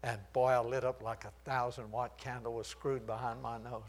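This older preacher has a mid-range voice with a level tone and speaks at a normal speed. His sermon shifts from shouted declarations to hushed tales, and he chuckles at his own humor.

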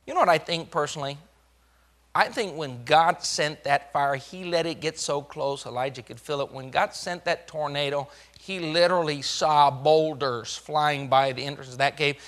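A male pastor delivers a dramatic sermon in a high, bright voice. He moves from hushed, slow passages to loud, quick bursts, acting out scripture dialogue. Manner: dramatic, swings from hushed to loud, acts out God's lines.

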